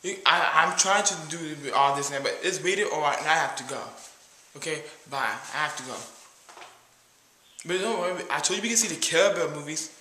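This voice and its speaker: A man's voice: on the high side, moderate pace, sharp tone, echoey room, a little hiss or hum. A man playing a cheap, nervous date who brags about himself and keeps calling himself "your boy", in a comedy skit.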